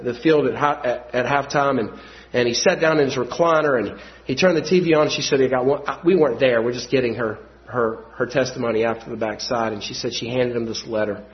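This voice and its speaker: Emphatic preacher, lo-fi sound. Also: male voice, mid-range voice. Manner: swings from hushed storytelling to loud emphatic preaching. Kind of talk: sermon. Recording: dull lo-fi sound.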